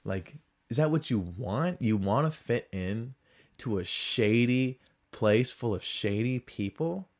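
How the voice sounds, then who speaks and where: A man's voice: medium pitch, expressive, slow pace. Rambling, sarcastic male podcast host. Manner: rambling, sarcastic, heavy on "like" fillers. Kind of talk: casual comedic monologue.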